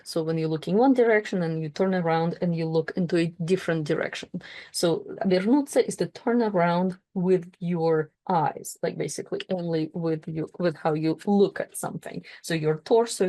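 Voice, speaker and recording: A woman works through a book, reading passages aloud and explaining them with careful asides. Her voice sits low and mellow, with a gravelly fry on it. She pauses and corrects herself as she goes. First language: Russian. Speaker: Russian language teacher.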